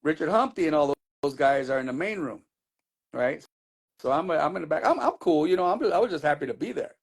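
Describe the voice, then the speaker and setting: A man's voice: on the high side, animated, brisk, gravelly. A middle-aged man, a DJ being interviewed, telling his story in a loose, rambling way with many restarts. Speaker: DJ guest.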